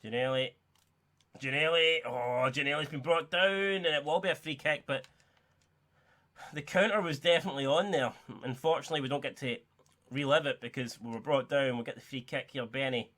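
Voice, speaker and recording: A young man giving excitable, sweary, joking play-by-play commentary while playing a football video game. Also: medium pitch, brisk. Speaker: gaming YouTuber.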